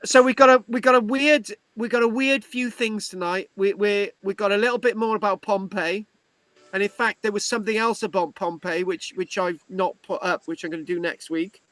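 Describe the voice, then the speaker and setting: High-voiced chatty British man tutoring online. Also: fairly even intonation, a bit bright, dry recording. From Britain. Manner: chatty, halting, many restarts. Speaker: history class tutor and host. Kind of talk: casual online class talk.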